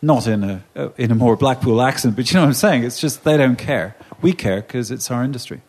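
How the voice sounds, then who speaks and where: A man from England speaking on a conference panel, animated and conversational, often restarting his sentences. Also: medium pitch, fairly quick. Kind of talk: panel discussion.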